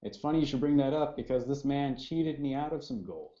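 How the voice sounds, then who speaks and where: A man's voice: mid-range voice, brisk, hardly any pauses, dark tone, dull audio. A man playing a tabletop game, speaking wryly and with a hint of menace in character. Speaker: player.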